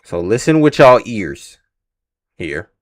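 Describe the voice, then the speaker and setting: This livestream host's voice is on the low side, slow and sing-song as he reacts to casting news. His talk is rambling and slangy, with free swearing and stumbles over names.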